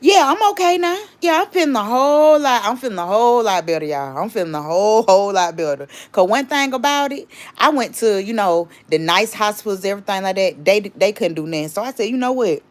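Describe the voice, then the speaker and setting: A woman's voice: medium pitch, expressive, a little fast, hardly any pauses. A woman hosting a casual livestream, rambling chattily and stopping to greet and thank viewers. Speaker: livestream host.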